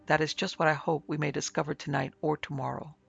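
A man doing a calm, formal Victorian investigator. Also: fairly high pitch, creaky, breathy edge, full character voice. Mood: measured. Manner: measured, formal. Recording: slightly muffled with soft music.

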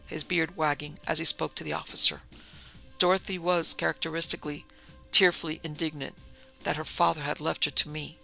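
A man narrating an audiobook in a steady, evenly paced storytelling manner. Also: fairly high pitch, vocal fry.

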